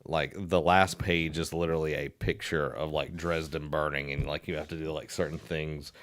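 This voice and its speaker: A man's voice: very deep voice, steady tone, moderate pace, fairly bright tone. A man with a Southern US accent, a school band director chatting casually on a podcast in a rambling way with many fillers.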